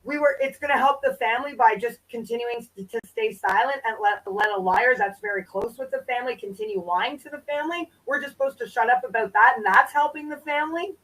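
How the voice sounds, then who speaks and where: A woman co-hosting a livestream, arguing emotionally with swearing and quick apologies. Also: on the high side, fairly bright tone, poor audio. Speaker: livestream co-host. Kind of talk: heated livestream argument.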